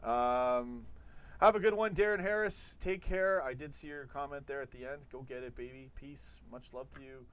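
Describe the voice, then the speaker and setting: A man's voice: mid-range voice, moderate pace, fairly bright tone, clear, resonant tone. Chatty Canadian man hosting a live stream. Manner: chatty, reads out donations and chat. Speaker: host. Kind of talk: live-stream football chat.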